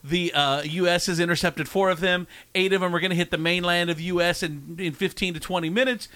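A man's voice: high voice, fairly even intonation, fairly quick, bright, forceful tone. A man hosting a radio show, chatting casually and telling rambling stories with lots of giggles. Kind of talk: casual on-air chat.

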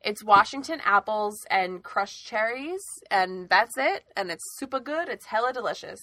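A woman's voice: mid-range voice, animated, normal speed, pushed and bright. A woman co-hosting a podcast, chatting casually in a sarcastic way and swearing freely. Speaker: podcast co-host. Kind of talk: casual chat.

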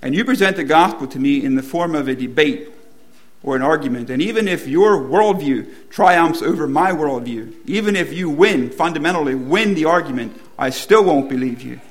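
A man's voice: fairly high pitch, animated, moderate pace. A man preaching a sermon to a room, asking the congregation questions and building to emphatic repetition.

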